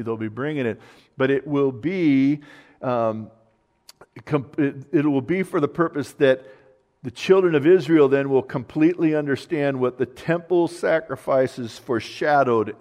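Swinging from hushed, low remarks to booming declarations, this preacher reads from scripture during his sermon. A long reverb tail trails after his words.

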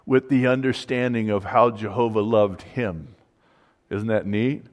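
A man's voice: lowish voice, unhurried. A man preaching a conversational sermon on a psalm, dropping his voice for the quoted prayers. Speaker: pastor. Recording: long hall reverb.

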